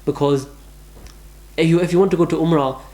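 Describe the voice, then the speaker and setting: A man's voice: a little high, fairly even intonation, brisk, mellow. A man giving earnest, devout pilgrimage advice in a casual vlog, repeating himself as he talks. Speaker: vlogger giving travel advice. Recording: echoey room.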